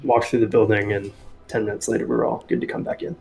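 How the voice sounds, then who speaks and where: A man co-hosting a gaming podcast in casual chat, thinking out loud with many pauses. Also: fairly low pitch, level tone, gravelly, over music, rough recording. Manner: thoughtful, rambling with many ums. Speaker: podcast co-host.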